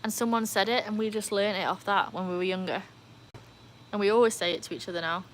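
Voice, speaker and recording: A woman chats excitedly through a casual livestream, reading and answering comments as she goes. Her voice sits in a middle register. A faint outdoor hum lies underneath. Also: medium pitch, fast. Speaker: livestream host. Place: outdoors by a backyard pool. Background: faint outdoor ambience, dogs.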